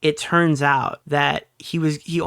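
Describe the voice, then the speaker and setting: A man co-hosting a podcast in casual chat, animated and swearing freely, with frequent restarts. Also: fairly high pitch, slow, clean tone, no echo, clean studio sound. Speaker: podcast co-host.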